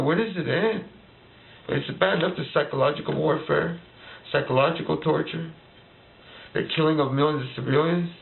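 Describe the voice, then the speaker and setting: A man's voice: mid-range voice, gravelly. A man delivering a heated political rant, firing off repeated rhetorical questions. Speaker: vlogger ranting to camera. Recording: tinny phone-like lo-fi recording.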